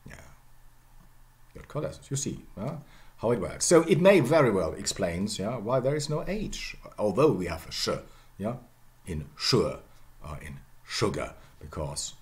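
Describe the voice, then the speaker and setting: A man's voice: on the low side, big pitch swings, unhurried. A middle-aged man giving a university lecture, repeating example words over and over and checking in with "yeah?" and "okay?".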